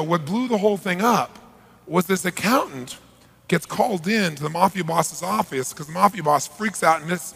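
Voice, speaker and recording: Gravelly, bright-voiced seminar speaker in a hall. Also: male voice, high-pitched. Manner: energetic, asks the audience questions. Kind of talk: live seminar talk. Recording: live hall reverb.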